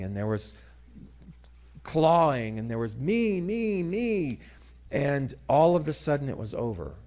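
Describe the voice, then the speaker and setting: A middle-aged man giving a sermon-style talk, telling a story dramatically and moving between loud passages and hushed ones. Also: medium pitch. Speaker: guest speaker.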